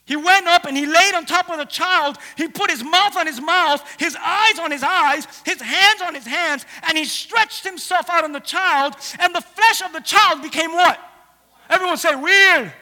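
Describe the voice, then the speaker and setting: A man's voice: very high voice, normal speed, bright, forceful tone. A man preaching a sermon, retelling a scripture story with humor and acting out the characters. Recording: long hall reverb.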